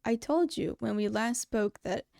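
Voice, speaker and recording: A woman reading aloud and voicing a calm, formal male animal school principal who speaks in measured, polite, precise sentences. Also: fairly high pitch, creaky, no echo, studio quality.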